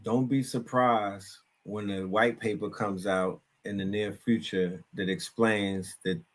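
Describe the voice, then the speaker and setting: A man with a fairly low voice joins a casual discussion as a guest. He explains his ideas in a confident, speculative manner. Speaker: guest speaker.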